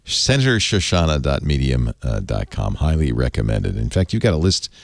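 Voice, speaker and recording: A man's voice: extremely low pitch, normal speed, no echo. A middle-aged man hosting a tech panel show, telling jokey stories in casual chat. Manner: jokey, animated storyteller. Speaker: host.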